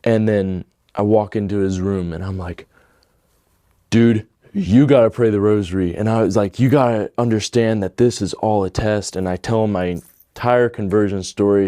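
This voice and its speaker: A man's voice: fairly low pitch, normal speed, mellow, no room sound, clean studio sound. A young man giving a casual personal testimony, telling his story with lots of "like" and big emotional swings. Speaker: testimony speaker.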